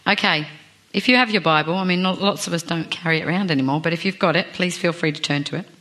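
A woman's voice: lowish voice, fast talker, a bit bright. A woman preaching a sermon in a chatty, self-deprecating way, asking the congregation questions. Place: church.

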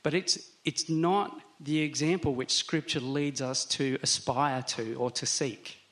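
A man giving a sermon, talking it through conversationally and slowing down to stress key words. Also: mid-range voice, fairly even intonation, a bit bright. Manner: conversational, reflective, with slow emphatic stresses. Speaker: pastor.

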